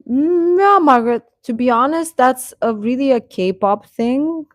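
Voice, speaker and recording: Young woman hosting a fan livestream, slow-talking, laughs a lot, dry close mic. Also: high voice, expressive, no echo. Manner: chatty, laughing often, exasperated rants. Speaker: livestream host reading chat. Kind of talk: casual chat.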